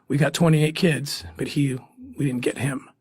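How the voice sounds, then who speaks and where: A middle-aged man recounting a story as an interview guest, earnest and halting, with frequent restarts and moments where he chokes up. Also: medium pitch, fairly even intonation, darkish tone, slightly rough, dry recording, clean studio sound. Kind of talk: emotional storytelling.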